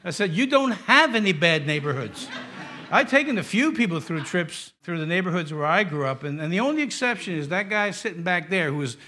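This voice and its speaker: Middle-aged pastor, New York accent, ringing tone, chatty sermon full of wisecracks. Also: male voice, high voice, expressive, fast talker, hardly any pauses, bright, forceful tone. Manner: joking, conversational preaching with asides.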